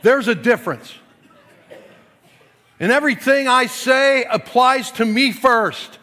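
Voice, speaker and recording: A pastor preaching a sermon, swinging from quiet, low passages to forceful yelling. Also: male voice, slow.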